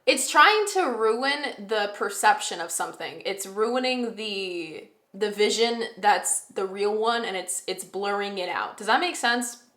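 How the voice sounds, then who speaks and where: A woman giving a casual, rambling tarot reading, often pausing to correct herself. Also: mid-range voice, animated, fairly bright tone. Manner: chatty, rambling, self-correcting, with fillers. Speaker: tarot reader. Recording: roomy echo.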